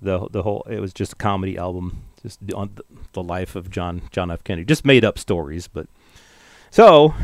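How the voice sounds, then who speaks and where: A man's voice: deep voice, moderate pace, no echo, clean studio sound. A man co-hosting a podcast in casual chat, rambling and self-deprecating, laughing often. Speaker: podcast co-host.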